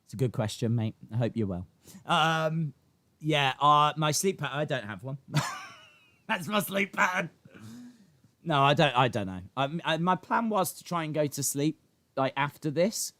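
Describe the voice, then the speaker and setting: A man hosting a live stream, reacting excitedly to chat, shouting and laughing. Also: fairly high pitch, normal speed, dry recording. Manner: animated, shouts and laughs reading chat names.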